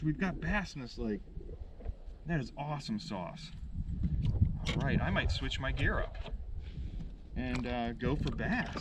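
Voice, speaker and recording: A man giving casual, slangy running commentary while fishing from a boat on a remote lake, laid-back and quick to get excited over a catch. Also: mid-range voice. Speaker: outdoor vlogger and angler. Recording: distant voice over loud outdoor noise.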